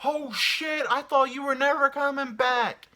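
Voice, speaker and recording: A man voicing a hyped-up excitable male dog, loud and bragging. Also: very high-pitched, unhurried, pitched above the performer's own voice, exaggerated voice. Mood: overjoyed.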